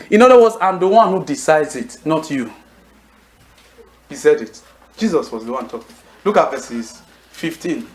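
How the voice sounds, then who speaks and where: A man preaching a sermon, asking the congregation questions and pausing for them to call out the answer. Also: a little high. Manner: call-and-response questions, emphatic and animated. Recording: echoey hall.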